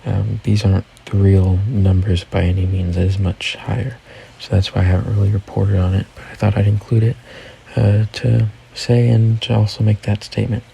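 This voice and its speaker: A man's voice: fairly low pitch, level tone, normal speed, gravelly, few pauses, mellow, low-quality recording. A man hosting a casual news recap, reading headlines and adding offhand personal comments. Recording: faint background noise.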